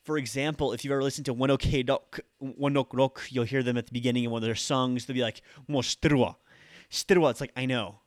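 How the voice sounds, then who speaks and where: A man's voice: medium pitch, flat delivery, quick pace, few pauses, no room sound, studio quality. A man hosting a casual Japanese lesson podcast, chatty and upbeat with jokey asides. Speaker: host and Japanese teacher.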